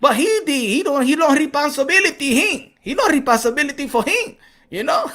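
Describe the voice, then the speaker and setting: A brash male boxer speaking in halting, broken English and bragging about who he would have fought, as a man puts him on. The voice sits high and bright. He stumbles proudly over his words. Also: lively intonation, exaggerated voice. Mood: taunting.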